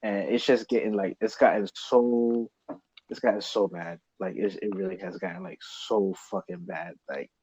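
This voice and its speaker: Husky, rambling man podcast host. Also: low-pitched, fairly even intonation, moderate pace, darkish tone, dry recording. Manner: rambling, restarts often, swears when riled. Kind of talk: casual chat. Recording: slightly dull lo-fi sound.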